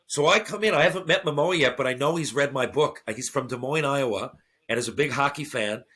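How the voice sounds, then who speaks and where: Speaking briskly in a husky, medium-pitched voice, a middle-aged man appears as a guest on a podcast. His storytelling is loose and full of swearing, and he gets animated acting out what the characters said.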